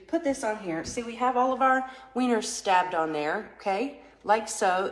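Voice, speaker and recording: A woman's voice: mid-range voice, reverberant. A woman vlogging a casual product test, chatty and rambling, joking aside to her viewers. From United States. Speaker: vlogger product testing a vintage cooker.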